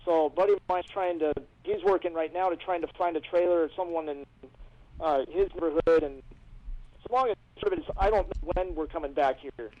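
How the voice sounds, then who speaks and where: Man, phone caller, high voice, quick talk, dull lo-fi line. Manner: chatty, storytelling. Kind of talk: casual chat.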